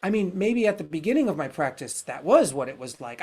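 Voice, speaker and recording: A man's voice: a little high, big pitch swings, brisk, hardly any pauses, darkish tone, husky. A man hosting a podcast interview, talking frankly and at length in a loose, searching way, swearing freely. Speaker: podcast host. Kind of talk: casual reflective conversation.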